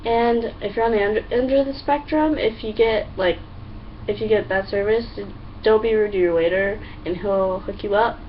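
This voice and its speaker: A young woman talking to camera in a casual, excitable, chatty way, full of fillers and acted-out quotes. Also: mid-range voice, moderate pace, far from the mic. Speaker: vlogger. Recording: dull lo-fi sound, a bit off-mic, faint hum.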